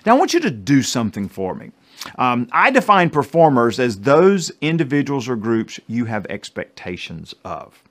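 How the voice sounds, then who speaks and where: A middle-aged man with a North Carolina accent delivers a motivational talk, his pitch rising and falling in wide, animated swings. He slips in small jokes and speaks straight to his listeners, chatty yet purposeful. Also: moderate pace. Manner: animated, jokey, addresses listeners directly. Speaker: keynote speaker. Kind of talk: motivational presentation.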